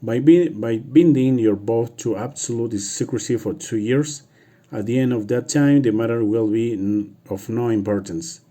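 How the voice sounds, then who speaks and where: A man voicing a secretive, imposing masked nobleman in a read-aloud story, with halting restarts. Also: medium pitch, dark tone, natural voice. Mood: guarded.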